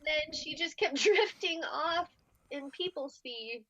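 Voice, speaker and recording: A woman in her forties telling a story in casual podcast chat, animated and often laughing. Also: high voice, slow, a little hiss or hum. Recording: slightly dull, dry podcast audio.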